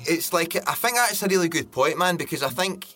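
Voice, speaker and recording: A Scottish man co-hosting a podcast, telling stories in casual, animated chat. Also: fairly high pitch, a little fast, soft background music. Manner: storytelling, animated. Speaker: podcast co-host, musician.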